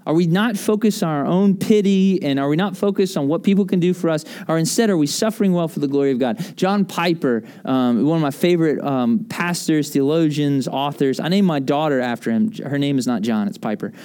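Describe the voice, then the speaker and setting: Animated, talkative male preacher. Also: a little high, fairly quick, hardly any pauses. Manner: animated, conversational, acts out quoted voices. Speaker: pastor. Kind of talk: sermon.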